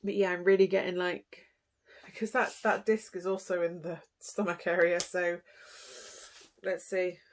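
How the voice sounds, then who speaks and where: A woman's voice: lowish voice, flat delivery, measured pace. A young woman hosting a casual tarot reading, chatty and giggly, rambling with lots of fillers. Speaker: tarot reader.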